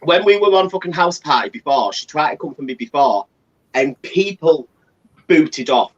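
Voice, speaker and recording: A man's voice: on the high side, lively intonation, normal speed, muffled recording. A man co-hosting a live stream as a drag queen, brash, sweary and playful. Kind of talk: casual live-stream banter.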